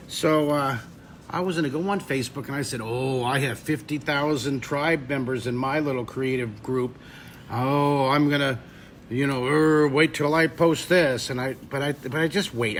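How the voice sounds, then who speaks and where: A man's voice: mid-range voice, fairly bright tone, a little hiss or hum. A man in his fifties teaching drawing on a live webcast, rambling into emotional stories between drawing steps. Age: 50s.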